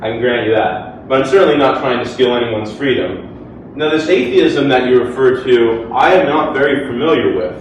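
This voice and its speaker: A man's voice: mid-range voice, lively intonation, normal speed, dull audio, a little hiss or hum. A man arguing his side in a formal debate, speaking earnestly and conversationally with frequent fillers, before an audience in a hall. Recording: echoey hall, distant mic.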